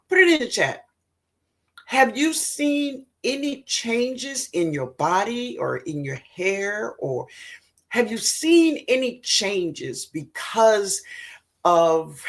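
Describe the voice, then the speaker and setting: A woman hosting a casual livestream, greeting viewers by name and reading their comments aloud, with affectionate pet names and frequent laughter. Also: medium pitch. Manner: affectionate, calls viewers baby and sweetheart; excitable and laughing. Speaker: livestream host, gardener.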